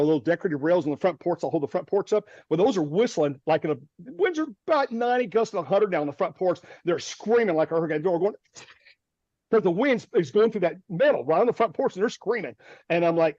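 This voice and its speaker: Man, high voice, animated storytelling, restarts and nervous laughs, dull dry lo-fi video call audio. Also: dry recording. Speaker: storm chaser guest.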